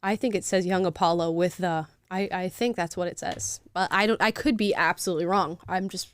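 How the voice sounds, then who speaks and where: A woman's voice: fairly low pitch, brisk, clean tone, no room sound. A woman from the American South hosting a casual talk show. She chats freely and laughs often. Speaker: show host. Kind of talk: casual chat.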